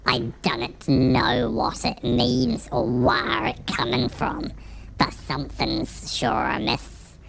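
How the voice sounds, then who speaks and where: A gravelly old village drunk, as a man puts him on, rambling in a slow, folksy drawl. The voice sits higher than the performer's own and crawls along at a sluggish pace, thick with rustic turns of phrase. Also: big pitch swings, a bit bright, a little hiss or hum, heavily acted, low-quality recording. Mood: ominous.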